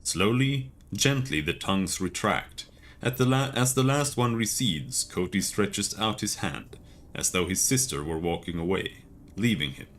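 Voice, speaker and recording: A man streaming a video game, reading its text aloud in a steady, measured way with casual asides. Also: on the low side, a little hiss or hum.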